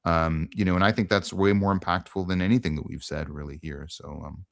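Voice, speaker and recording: Deep-voiced man hosting a chat. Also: steady tone, fairly quick, creaky. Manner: earnest, with frequent ums. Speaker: host. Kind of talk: casual online conversation.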